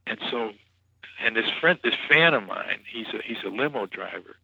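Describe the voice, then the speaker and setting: A man with a gravelly, bright and sharp-edged voice tells stories in a loose, rambling way, full of restarts and "you know"s. The sound is dry and close but a little muffled and lo-fi. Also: lowish voice, expressive, normal speed, no room sound. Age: 40s or older. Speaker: guest musician. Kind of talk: casual interview storytelling.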